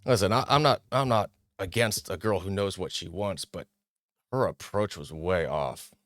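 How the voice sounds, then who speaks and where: A man's voice: low voice, normal speed, no echo, studio quality. A man hosting a casual talk show, reading an article aloud and giving his opinions, often mocking other people's lines in exaggerated voices. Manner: animated, mocking impressions of others. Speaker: podcast host.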